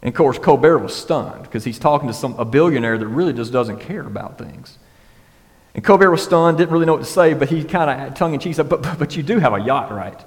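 A pastor delivers a relaxed, conversational sermon, his voice on the high side and brisk, with a long reverb tail. He keeps checking in with the congregation, peppering his talk with "right?" and "y'all."

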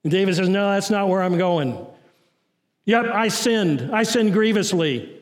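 A man delivers a sermon in a notably high voice, his intensity rising on urgent lines and sinking low and quiet on others. The sound carries a long reverb, as if recorded in a large hall. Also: unhurried. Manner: preaching with rising and falling intensity, dropping low and soft on key lines. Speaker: pastor.

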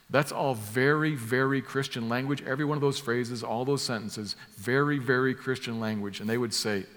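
Emphatic preacher in a reverberant hall. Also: male voice, mid-range voice, steady tone, moderate pace, hardly any pauses, a bit bright. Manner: emphatic, explanatory, repeats key words for stress. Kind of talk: expository sermon.

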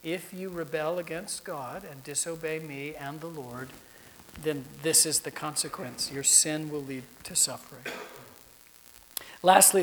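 A man's voice: fairly high pitch, slight background noise, rough recording. A middle-aged man, a pastor, teaching a class for parents in a conversational, anecdotal way, laughing often.

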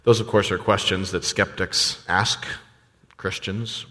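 A man's voice: low-pitched, fairly even intonation, unhurried, pushed and bright. A man preaching a sermon as a pastor, talking conversationally with fillers and restarts. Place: church sanctuary. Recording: long church reverb.

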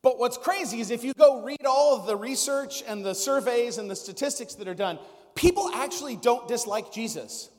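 A man's voice: very high-pitched, moderate pace, long reverb tail. A man preaching a sermon as a pastor, conversational, with many rhetorical questions.

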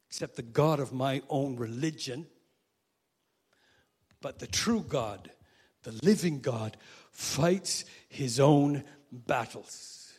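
A male pastor preaching a sermon, swinging from quiet asides to loud, emphatic quoted prayers. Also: on the high side, slightly rough.

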